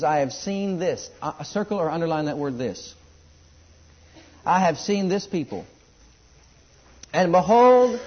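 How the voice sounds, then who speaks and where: Husky high-voiced preacher man. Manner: rising and falling preaching cadence, drawn-out scripture readings. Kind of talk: sermon. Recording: muffled lo-fi sermon recording.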